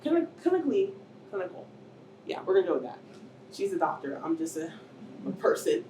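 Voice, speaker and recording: This middle-aged woman's voice sits low and moves fairly quickly as she gives an emotional panel testimony about surviving cancer, climbing to near shouts and breaking into tears at points. She is in an event hall before an audience, recorded from a distant mic with roomy sound and faint noise.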